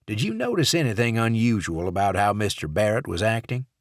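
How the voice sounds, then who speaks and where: A man's voice: lowish voice, sing-song, fairly quick, no echo, studio quality. A man voicing a folksy male sheriff's investigator who chats easily while probing with questions. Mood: chatty probing. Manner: chatty, probing, easygoing.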